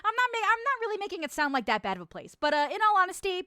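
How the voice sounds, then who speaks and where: A woman's voice: very high-pitched, very animated, very fast, bright, forceful tone, no echo, studio quality. A woman streamer playing a nun who hears chat's confessions, swinging between mock-solemn verdicts and profane, laughing banter. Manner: laughs often.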